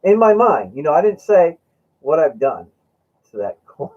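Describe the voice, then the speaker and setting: Speaking at a moderate pace, this man has a slightly high, very animated voice as he hosts a casual chat. He laughs through rambling stories and performs his friend's lines, heard through a dull lo-fi recording.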